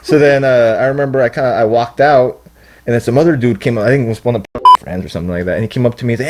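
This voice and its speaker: A man's voice: mid-range voice, racing, a little hiss or hum. A young man telling a long story in casual podcast chat, rambling and profane, acting out what people said. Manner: rambling, profane, acts out quotes. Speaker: podcast guest.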